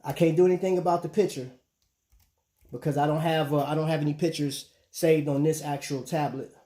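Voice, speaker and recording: A man's voice: a little high, steady tone, fairly quick, mellow. Laid-back man chatting on a live stream. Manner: laid-back slang, chatting with viewers, often saying "man". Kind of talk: casual live-stream chat.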